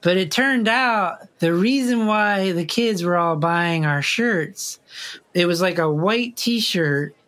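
A man's voice: a little high, a bit bright, smooth. A middle-aged man, a musician, telling a personal story in a loose, casual way, full of fillers and frequent laughs. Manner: rambling, filler-heavy, laughs often.

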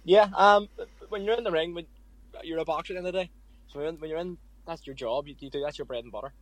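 A man's voice: on the high side, fast, no echo, rough recording. A young man with an Irish accent, a boxer as guest, candidly telling stories in a casual podcast interview. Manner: candid, storytelling with quoted asides.

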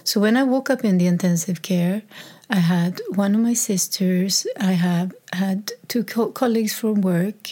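A woman with a Swedish accent, a native Swedish speaker, telling a personal story in a strained, emotional voice. She talks haltingly, restarts often and drops into a soft whisper. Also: medium pitch, slightly rough. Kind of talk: personal testimony.

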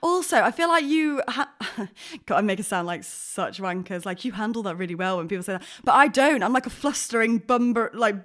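A woman's voice: on the high side, expressive, fairly quick, a bit bright. A young woman co-hosting a podcast, telling stories in a rambling, self-deprecating way. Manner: rambling storytelling, self-deprecating, many fillers. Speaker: podcast co-host. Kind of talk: casual chat.

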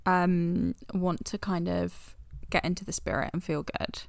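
A woman's voice: fairly low pitch, fairly even intonation, a little slow, vocal fry, no room sound, studio quality. A woman with a British accent co-hosting a podcast in casual, frank chat, swearing now and then. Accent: British English. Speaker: podcast co-host.

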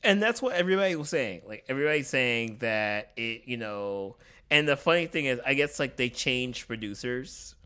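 A man's voice: mid-range voice, lively intonation, normal speed, sharp tone, smooth. A man co-hosting a casual comedic chat, rambling with lots of "like" and laughter. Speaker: podcast co-host.

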